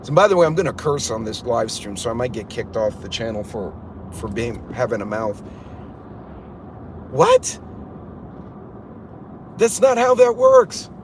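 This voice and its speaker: A middle-aged man hosting a casual livestream from a car, telling a story in an animated, incredulous way. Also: fairly low pitch, brisk, a little hiss or hum. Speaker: livestream host.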